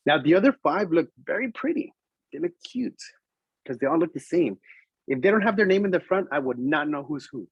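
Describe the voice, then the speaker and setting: Male teacher-presenter, husky and slightly high-pitched, lively bilingual storytelling. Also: brisk, dry recording, muffled recording. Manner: animated, switches between English and Spanish. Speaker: preschool teacher presenting to educators.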